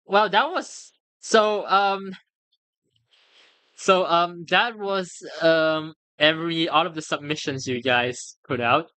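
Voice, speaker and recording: Reacting on a live stream, this excitable streamer laughs a lot, curses without restraint, and stumbles into stammers and restarts when flustered. The mid-range voice moves slowly with a clear, resonant tone, recorded dry and close with no room sound.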